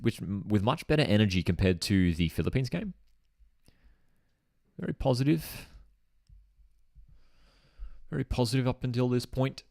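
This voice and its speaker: A man with a low, deep voice gives live reaction commentary on a football match, bursting into excitement at big moments and then settling into easy chat. His sound is close and dry, with no room echo, as he reads viewer comments from a home streaming setup. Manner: excitable, chatty, reads chat messages aloud. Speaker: football watchalong host.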